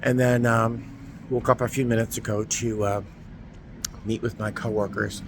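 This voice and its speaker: A man's voice: mid-range voice, level tone, moderate pace. A man vlogging outdoors in a windy churchyard, chatty and exclaiming, cold and tired. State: shivering cold. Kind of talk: casual vlog narration.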